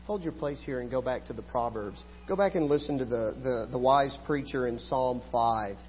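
A middle-aged man preaching a sermon, swinging between loud pleading and quiet asides. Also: medium pitch, moderate pace, soft background music. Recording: hall reverb, dull lo-fi sound.

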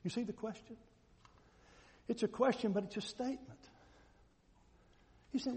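Middle-aged male preacher with a very high voice, emphatic and repetitive, delivering a sermon in a big hall with a long echo. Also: lively intonation, normal speed, pauses often. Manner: emphatic, repetitive, swings from loud to hushed. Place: large hall with an audience.

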